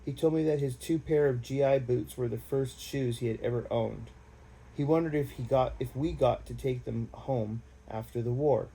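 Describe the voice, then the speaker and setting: A man's voice: mid-range voice, moderate pace, gravelly, dark tone, slightly rough, poor audio. A man giving an amateur reading of a war memoir in a plain, unpolished way. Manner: plain, unpolished, casual asides. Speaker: audiobook reader.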